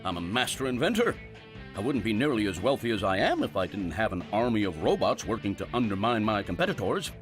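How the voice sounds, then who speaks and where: An actor playing a smug, wealthy male inventor in an animated sitcom. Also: lowish voice, fast talker, faint music behind.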